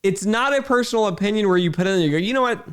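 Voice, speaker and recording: A man's voice: high voice, expressive, very fast, smooth. A man ranting in a frustrated, emphatic way, repeating himself with fillers and restarts. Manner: irritated and incredulous. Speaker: video host. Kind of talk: frustrated talking-head rant.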